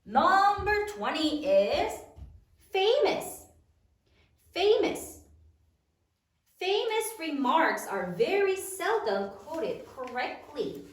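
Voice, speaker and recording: A woman teacher slowly walks a class through spelling, sounding out every letter and phonogram with care. Her voice sits high and swings widely in pitch. She is heard from some way off, in an echoing room. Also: fairly bright tone, distant mic. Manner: slow, deliberate, sounds out phonograms. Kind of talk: spelling lesson dictation.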